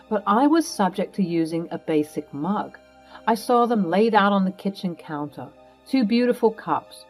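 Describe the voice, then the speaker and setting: A woman narrating a scripted first-person story in a dramatic, emotional way, over faint music. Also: lowish voice.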